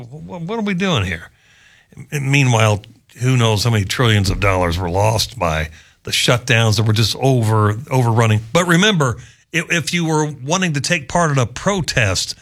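A man's voice: medium pitch, fairly bright tone. Sarcastic male talk radio host. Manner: sarcastic, conversational, mocking impressions. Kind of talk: casual talk radio commentary.

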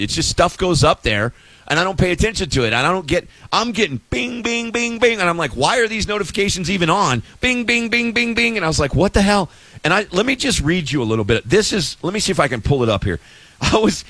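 A man's voice: on the high side, bright, forceful tone, dry recording, poor audio. A man telling a story in a casual, exasperated rant, with sarcastic asides, as a host at the mic.

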